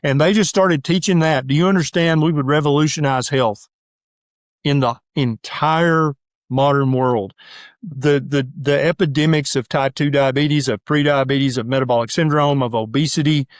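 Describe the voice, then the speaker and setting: A middle-aged man, a doctor and guest, talking in an emphatic, rapid-fire way and acting out the voices of his critics in a casual interview. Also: on the high side, no echo, studio quality. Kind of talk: animated casual interview talk.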